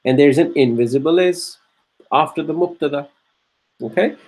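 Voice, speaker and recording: Higher-voiced man teaching grammar. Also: moderate pace, a little mellow. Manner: explains step by step with frequent restarts and throat-clearing; chants Quranic verses between explanations. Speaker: Arabic teacher. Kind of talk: grammar lesson.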